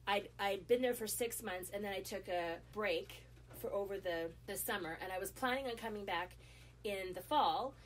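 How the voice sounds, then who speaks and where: A woman's voice: medium pitch, normal speed, a little hiss or hum. A middle-aged woman, a guest on a talk show, telling a story in a casual way with lots of fillers and restarts. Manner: lively, with frequent fillers and restarts.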